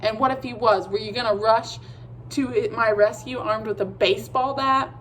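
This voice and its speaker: A woman voicing a sharp-tongued young girl who scolds and bosses the boys in a storybook reading. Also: fairly high pitch, fairly even intonation, normal speed, a little hiss or hum, natural voice. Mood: scolding. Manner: bossy, scolding.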